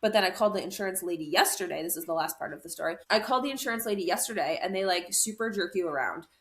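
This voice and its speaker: A woman's voice: lowish voice, racing. A young woman co-hosting a podcast, casually telling a story and acting out what other people said. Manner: animated storyteller, acts out quoted voices. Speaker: podcast co-host.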